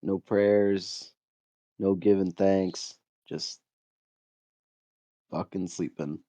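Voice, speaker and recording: A man's voice: deep voice, fairly even intonation, very slow, dark tone, no echo. A man playing a tabletop game, describing his character in a laid-back, blunt way with casual swearing. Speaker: player. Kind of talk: tabletop game role-play.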